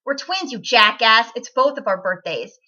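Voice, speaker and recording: A woman's voice: fairly high pitch, expressive, normal speed, bright, forceful tone. A woman reading as a snappish, irritable sister. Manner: snappish, annoyed. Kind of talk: amateur read-aloud of fan fiction. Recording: dull lo-fi webcam audio.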